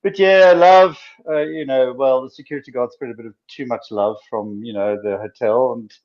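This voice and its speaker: A man's voice: mid-range voice, fairly even intonation, moderate pace, muffled recording. A man, a doctor, chatting on a casual video podcast from a room in a mountain house, telling stories with earnest animation. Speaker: doctor and co-host.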